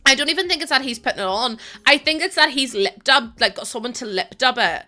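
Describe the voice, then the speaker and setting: Bright-voiced chatty woman streamer. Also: high voice, animated, fast talker, faint music behind. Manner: chatty, laughs often, reads out and thanks chat. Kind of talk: casual live-stream chat.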